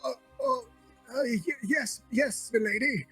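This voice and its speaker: Man playing a drunk old sailor, frightened, stammering, high and pleading. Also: wildly swooping pitch, unhurried, pushed and bright, breathy edge, soft background music, heavily acted. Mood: shaken.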